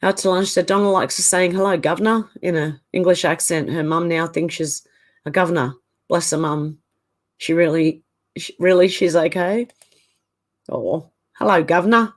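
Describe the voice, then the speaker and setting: A middle-aged woman talks casually on her livestream, reading viewer comments aloud one by one. She answers each comment with a quick, opinionated reaction. Her voice sits a little on the low side. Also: steady tone. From Australia. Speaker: livestream host.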